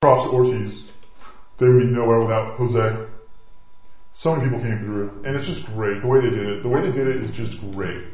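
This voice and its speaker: A man's voice: mid-range voice, fairly even intonation, a little fast, darkish tone. A man hosting a podcast in loose, rambling casual chat, swearing and chuckling. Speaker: podcast host. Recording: echoey room, dull sound, faint guitar music.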